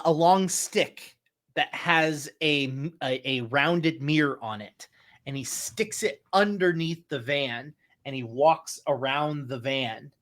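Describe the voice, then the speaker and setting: Male game master narrating a tabletop game, slow and a bit high-voiced, feeling his way through the scene. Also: fairly bright tone. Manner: slow, searching narration with fillers and restarts.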